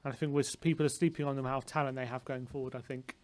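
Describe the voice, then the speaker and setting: A man's voice: mid-range voice, fairly even intonation, racing, darkish tone. An English man co-hosting a live football watchalong, chatting casually and stressing his points with repetition. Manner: confident, emphatic, repeats his points. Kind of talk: casual football chat and commentary.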